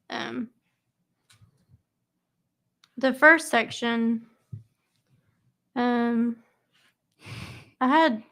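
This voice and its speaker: A woman leads a church Bible study group. Her slightly high voice has a gravelly edge. She talks very slowly and pauses often. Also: fairly bright tone. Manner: slow, halting, with many fillers. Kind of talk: reading scripture and leading a casual study.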